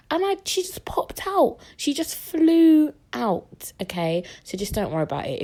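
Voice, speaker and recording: A young woman hosts her podcast and tells stories casually. She is animated and slips into the voices of the people she quotes. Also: lowish voice. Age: young adult. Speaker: podcast host. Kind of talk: casual storytelling.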